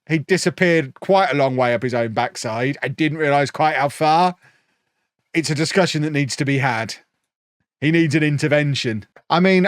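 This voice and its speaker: A man's voice: mid-range voice, dry recording, clean studio sound. A man live-streaming a football management game, chatting and thinking aloud with mock indignation.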